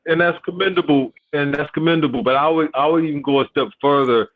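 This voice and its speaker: A man's voice: on the high side, quick pace, a crowd in the background. A man calling into a casual debate, insistent and repeating his phrases. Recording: tinny phone-line audio.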